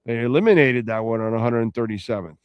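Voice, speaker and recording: A man's voice: mid-range voice, quick pace, clean tone, no room sound, muffled recording. Middle-aged male sports radio host, casual rambling delivery, dry close-miked sound. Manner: rambling, conversational, reacting to chat.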